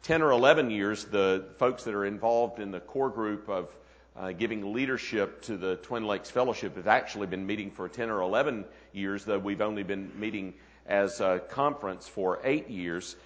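A man's voice: fairly low pitch, normal speed, highs cut off. Man giving a conference address in a hall. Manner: earnest, with frequent fillers and restarts. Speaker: conference leader. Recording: long hall reverb.

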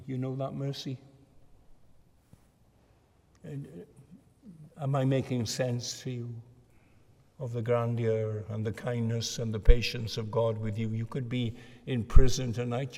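A man delivers a sermon in a slow, deliberate way, his voice dark and mellow. He rises to fervent emphasis and then drops to a hush. The sound carries a long reverb, as in a church hall. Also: mid-range voice, little pitch movement. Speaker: preacher.

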